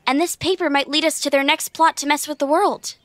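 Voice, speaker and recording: A quick-witted girl adventurer who loves math puzzles in a family audio drama. Her voice is high, bright and lively. It is recorded dry and close. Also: no room sound. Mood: curious. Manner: quick-witted, problem-solving. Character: Molly, clever brainy girl adventurer.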